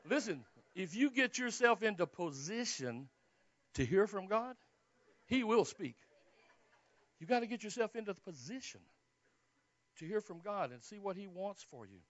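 A man preaching a sermon as he tells his own story, dropping to hushed tones and then rising to loud exclamations. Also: high-pitched, sing-song, normal speed, long pauses, no room sound. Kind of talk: sermon testimony. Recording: dull, dry lo-fi recording.

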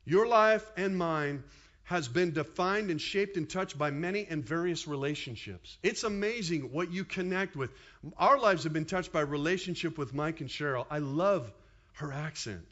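A man in his fifties preaching a sermon as pastor, in an animated, conversational way with quick asides to the congregation. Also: on the high side, dull audio.

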